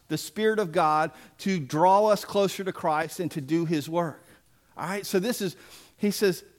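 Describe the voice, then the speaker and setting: A man preaching a sermon as pastor, folksy and emphatic with playful asides. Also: sits high.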